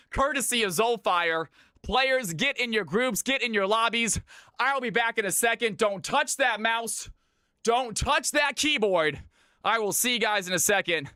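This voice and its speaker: Man, game stream host, high voice, dry close sound, energetic shout-outs. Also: smooth, dry recording. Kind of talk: live stream hosting.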